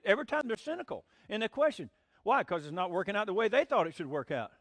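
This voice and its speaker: A man's voice: high-pitched, very animated, a little fast, fairly bright tone, no echo. A man preaching a folksy, emphatic sermon and acting out the voices he quotes. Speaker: pastor.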